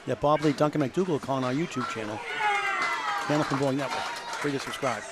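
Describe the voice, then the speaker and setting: A man's voice: medium pitch, quick pace, a loud crowd. A man commentating on bowling, rattling off scores, schedules and standings updates. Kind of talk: live sports commentary. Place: bowling alley. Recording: noisy bowling alley broadcast.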